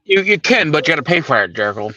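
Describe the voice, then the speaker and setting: A man joins a streamed panel call, his bright, forceful voice sitting a bit high and coming through dull and dry. He jumps in eagerly and keeps addressing the host by name. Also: big pitch swings, racing, no echo. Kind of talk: casual chat. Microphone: video call.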